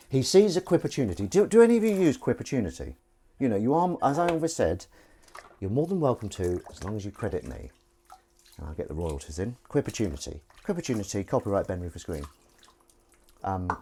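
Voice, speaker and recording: A man's voice: fairly low pitch, sing-song, brisk, pauses often, dark tone, a little hiss or hum. A man with a Southern English accent hosting a casual livestream, rambling and joking while washing up and reading out chat messages. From England. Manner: rambling, jokey, reads chat aloud. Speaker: livestream host. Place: kitchen at a sink. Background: running water and clinking dishes.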